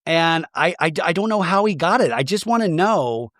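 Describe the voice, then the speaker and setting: A man's voice: fairly high pitch, expressive, normal speed, fairly bright tone, no echo, clean studio sound. A man doing an impression of a quirky, flustered young woman who rambles breathlessly.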